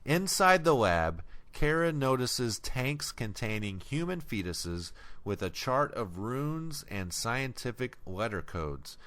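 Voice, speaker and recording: A man co-hosting a podcast, chatting casually about a horror film, swearing freely and breaking into laughs. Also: mid-range voice. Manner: profane, animated, quick to laugh. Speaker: podcast co-host. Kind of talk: casual film review chat.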